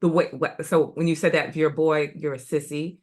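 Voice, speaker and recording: A conversation partner sharing a memory in a reflective, halting way, with soft "mm-hmm"s in between. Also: medium pitch, fairly even intonation. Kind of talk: casual conversation.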